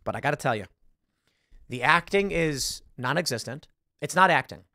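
Animated man rambling about movies. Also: on the high side, normal speed, vocal fry, no echo, clean studio sound. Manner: rambling, searching online mid-talk, acts out quotes. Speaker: podcast host. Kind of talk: casual commentary.

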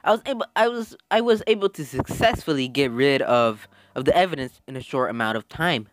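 Young male gamer reading a story game aloud, excitable, big pitch swings, dry close sound. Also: brisk, no room sound. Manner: excitable, animated, swings between mumbling and loud outbursts. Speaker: let's-play gamer.

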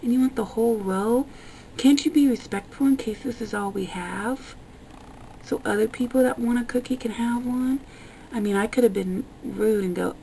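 A young woman with a gravelly, slightly high voice rants casually to camera, exasperated and swearing freely. Her tone is mellow and dark rather than bright. A faint hiss of noise sits under the recording. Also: moderate pace, rough recording. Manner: exasperated, profane ranting. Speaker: vlogger. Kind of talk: casual ranting vlog.

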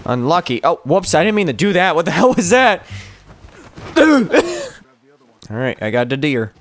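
A young man plays through a cowboy game with a friend, his voice high and lively. He jokes, laughs often and reads the game's prompts out loud in loose let's-play chatter. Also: measured pace, slight background noise. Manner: playful, giggly, lively, reads prompts aloud. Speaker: gameplay streamer. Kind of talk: casual let's-play commentary.

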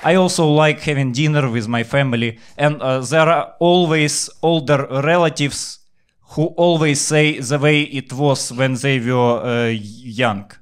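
Deadpan young Ukrainian stand-up comic. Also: male voice, mid-range voice, clean tone. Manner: deadpan storytelling with filler pauses. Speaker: stand-up comedian. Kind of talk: stand-up routine.

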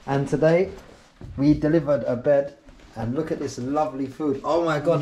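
A man's voice: fairly high pitch, fairly even intonation, moderate pace, dark tone. A man with an Essex accent who runs a second-hand shop, chatting casually and slangily in a vlog, easily impressed. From Essex, England.

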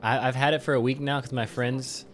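A man's voice: mid-range voice, fairly even intonation, fairly quick, soft background music. A man streaming a game from home, chatting casually, joking, swearing and laughing often. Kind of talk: casual live gaming stream chat. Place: home room.

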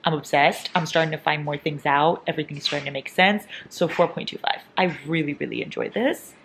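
A woman's voice: sits low, lively intonation, brisk, vocal fry, a bit bright, slight background noise. Gushing young woman book vlogger. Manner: dramatic, gushing, swears freely. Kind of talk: casual reading vlog.

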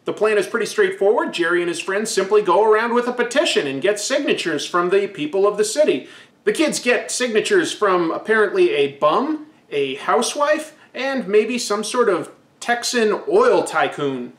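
A man recapping an old comic with wry sarcasm. His voice sits high for a man and carries an echoey, roomy sound. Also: lively intonation, normal speed. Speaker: comic book reviewer. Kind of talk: comedic recap commentary.

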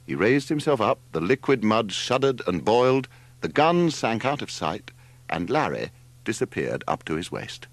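Lively, low-voiced male narrator. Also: moderate pace, no room sound. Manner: expressive storytelling, wide swings in pitch. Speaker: audiobook narrator. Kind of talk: scripted narration.

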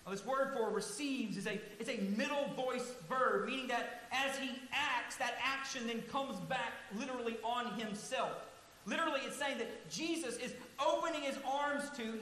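A man preaching a sermon as pastor in a large church sanctuary, earnest and emphatic, slowing down to stress key words. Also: very high-pitched, pushed and bright. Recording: echoey hall, faint hiss.

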